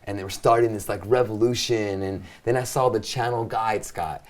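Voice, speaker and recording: A middle-aged man from the US–Mexico border region, casually telling an excitable, profane story in a chat and acting out the voices in his quotes. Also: on the low side, normal speed. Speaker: guest.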